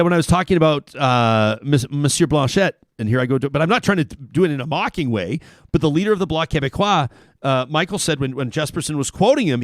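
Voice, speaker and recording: A man hosting a talk show from a broadcast studio, chatting in an energetic, self-interrupting way. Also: on the high side, dry recording. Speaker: radio and podcast talk show host. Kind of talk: casual talk show chat with sponsor reads. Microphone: studio microphone.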